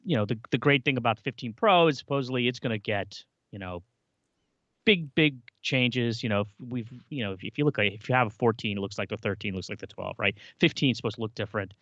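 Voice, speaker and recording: A man co-hosting a casual podcast, easygoing and a little rambling, padding his points with fillers. His voice is mid-pitched. The recording is dry and slightly muffled. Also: fast, a bit bright, dry recording. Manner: easygoing, reads out rumor roundups with many fillers. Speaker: podcast co-host. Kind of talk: casual chat.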